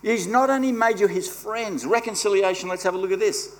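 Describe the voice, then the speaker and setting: A man preaching a sermon as pastor, emphatic and swinging between quiet and loud, leading the congregation in repeating lines. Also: high-pitched, fairly quick. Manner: leads the congregation in call-and-response.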